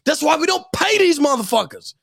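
A man's voice: very high voice, sing-song, brisk, vocal fry, fairly bright tone. A young man giving an angry, profane sports rant, emphatic and heated. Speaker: sports commentator.

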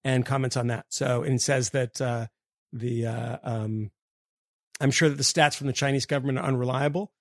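A man co-hosting a podcast, reading a listener's email aloud in a rambling way with lots of fillers and quick laughs. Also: mid-range voice, steady tone, dry recording, clean studio sound. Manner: rambling, many fillers, laughs mid-sentence. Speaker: podcast co-host.

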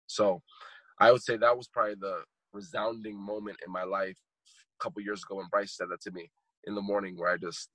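A man's voice: lowish voice, steady tone, fairly quick, a bit bright, no echo, poor audio. A man in his thirties, a podcast guest and motivational speaker, telling a heartfelt story with emphatic repetition while choked up. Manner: emphatic, repeats phrases for impact.

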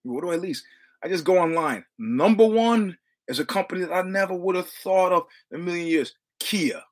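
A man's voice: high voice, moderate pace. Man, podcast host, casual storytelling, profane, repetitive, punchy.

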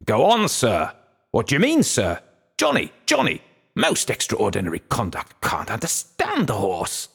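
A man reading aloud voices a pompous, indignant old gentleman in a storybook, spluttering and shooting up to shrill outbursts. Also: huge pitch swings, unhurried, gravelly, husky, heavily acted.

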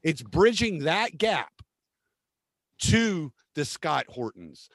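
A man's voice: a little high, very animated, slow pace, creaky, a bit bright, no room sound. A man hosting a casual podcast, ranting with constant profanity and a combative edge. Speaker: podcast host.

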